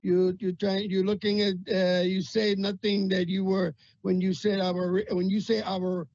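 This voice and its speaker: A performer playing a warm, jokey old grandfather who speaks stammering, broken English, over a video call. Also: mid-range voice, little pitch movement, a little slow, dry recording, natural voice. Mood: chatty. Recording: dull lo-fi call audio.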